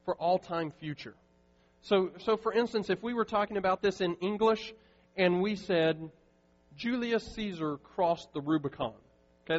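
A man's voice: high voice, in a large hall, lo-fi sound. A man preaching a sermon as pastor, earnest and emphatic, often restarting his sentences. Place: church sanctuary.

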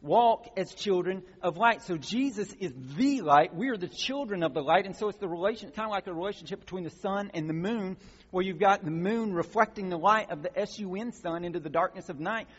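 A man with a fairly high, husky voice preaches a teaching sermon. He explains the passage plainly, then pushes into emphatic calls to action. The sound is muffled and rings with the long reverb of a large hall. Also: a little fast. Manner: teaching, builds to emphatic exhortations. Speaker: pastor.

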